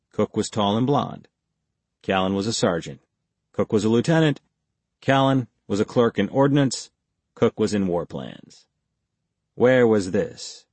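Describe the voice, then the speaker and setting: A man narrating a thriller audiobook in an even, deliberate storytelling manner. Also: lowish voice, slightly rough, no echo.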